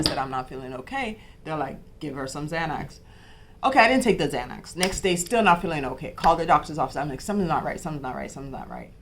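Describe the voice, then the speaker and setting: A young woman with a low voice recounts her own experience in a relaxed, conversational podcast style. She often restarts her sentences and drops into the voices of people she spoke with. There is faint ambient noise behind her. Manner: conversational, many fillers and restarts, acts out quoted exchanges. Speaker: podcast host telling her birth story. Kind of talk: casual personal storytelling.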